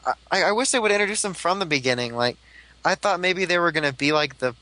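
A man's voice: a little high, animated, quick pace, sharp tone, no echo, low-quality recording. A young man chatting casually about a TV show, rambling with lots of fillers. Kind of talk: casual fan chat.

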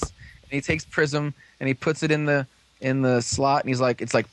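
A man's voice: medium pitch, fairly even intonation, a little fast, a bit bright. A man on a casual voice-call podcast, recapping an episode in a rambling way and acting out the characters' lines. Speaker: podcast host recapping a show. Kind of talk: casual chat over a voice call.

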